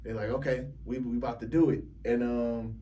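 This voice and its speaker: A man telling a story on a podcast as a realtor guest, animated and laughing often as he acts out other people's lines. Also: mid-range voice, brisk, far from the mic, slight background noise. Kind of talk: casual storytelling.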